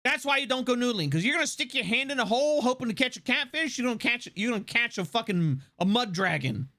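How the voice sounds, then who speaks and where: A man's voice: extremely high pitch, quick pace. A man streaming live, chatting casually and animatedly with lots of swearing and laughter. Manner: animated, profane, laughing often.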